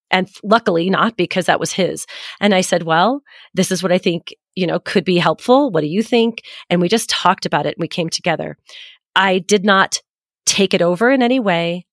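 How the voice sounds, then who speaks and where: A woman's voice: on the low side, no room sound, clean studio sound. A woman in her forties hosting a parenting podcast, telling a personal story candidly and acting out what people said. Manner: candid, reflective, acts out quoted voices.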